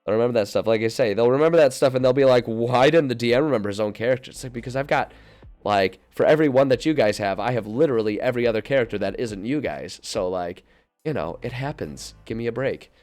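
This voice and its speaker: A man's voice: medium pitch, quick pace, a little mellow, soft background music. A man chatting casually on a livestream as a game master, rambling and restarting his sentences. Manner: rambling, self-interrupting, laughs often.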